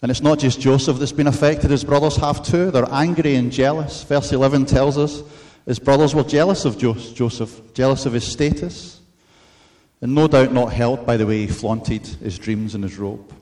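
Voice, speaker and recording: A man preaching a sermon in an earnest, measured way, mixing in storytelling asides. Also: medium pitch, darkish tone.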